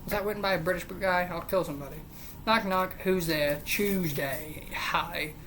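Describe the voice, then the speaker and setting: A channel host reading a joke book aloud, casually, in a deadpan question-and-answer rhythm with weary, sarcastic asides. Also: mid-range voice, normal speed, slight background noise.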